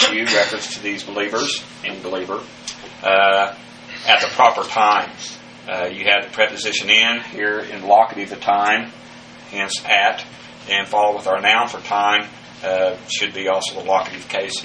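Man teaching a slow Greek word study. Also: fairly low pitch, bright, forceful tone. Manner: spells out Greek words letter by letter, many "uh" fillers. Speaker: Bible teacher. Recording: echoey room, voice from a distance, faint hiss.

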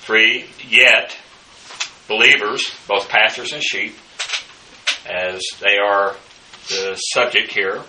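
A man's voice: fairly low pitch, steady tone, slow pace, long pauses, bright, forceful tone. A man teaching a verse-by-verse Bible study, spelling out Greek words letter by letter with many fillers. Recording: echoey room, voice from a distance, faint hiss.

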